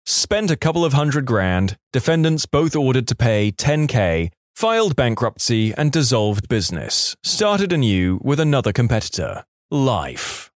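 A man's voice: mid-range voice, big pitch swings, measured pace, no echo, clean studio sound. A man narrating online stories as the host of a story channel, with wry asides. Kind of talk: reading reddit stories aloud.

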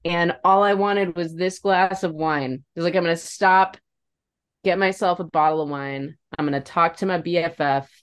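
A woman's voice: fairly low pitch, steady tone, normal speed, clean tone. A young woman co-hosting a podcast, telling a rambling story in casual chat and swearing freely. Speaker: podcast co-host.

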